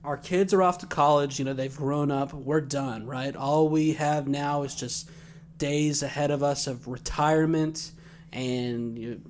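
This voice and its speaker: A man hosting a comedy podcast, telling crude stories loudly with deadpan punchlines. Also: fairly high pitch, unhurried, slight background noise. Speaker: podcast host. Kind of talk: comedic casual chat and storytelling.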